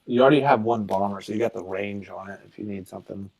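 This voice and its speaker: Gravelly man explaining his game moves. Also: fairly low pitch, fast talker, darkish tone, dry recording. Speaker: co-host and player. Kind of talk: casual gameplay chat.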